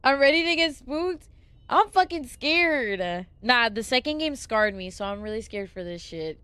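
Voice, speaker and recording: A woman's voice: a little high, animated, normal speed, bright, forceful tone, smooth, dry recording. A young adult woman streaming a horror game live, easily spooked and swearing, chatting to viewers and thanking them between frights. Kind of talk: casual live gameplay streaming.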